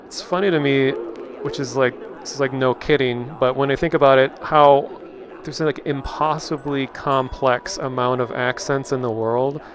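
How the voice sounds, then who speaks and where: Minnesotan guy rambling on stream, medium pitch, slow thoughtful chat. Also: steady tone, a crowd in the background. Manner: thoughtful, rambling, many restarts. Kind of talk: casual chat.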